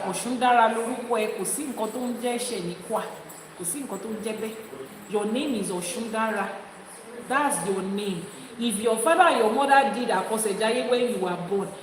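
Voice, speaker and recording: In an echoey hall with faint ambience and slight background noise, an Ifá priestess with a Nigerian accent addresses the people gathered in the indoor room. Her fairly high voice is emphatic, and she drives her lessons home by repeating them.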